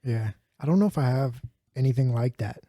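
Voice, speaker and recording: A man's voice: mid-range voice, lively intonation, brisk, mellow, dry recording, clean studio sound. A man from Saint Louis co-hosting a podcast, asking questions and teasing in casual chat. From Saint Louis, Missouri. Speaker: podcast co-host.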